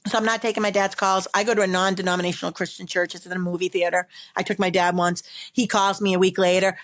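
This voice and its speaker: A woman who is a podcast guest and body language expert, telling a personal story in an emphatic, animated way, often repeating words. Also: on the low side, fast. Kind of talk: conversational storytelling interview.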